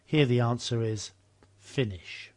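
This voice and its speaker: Man, mid-pitched voice, calm explanatory software demo narration. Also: slow. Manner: explanatory, steady, repeats model phrases after the clips. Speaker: software demonstrator.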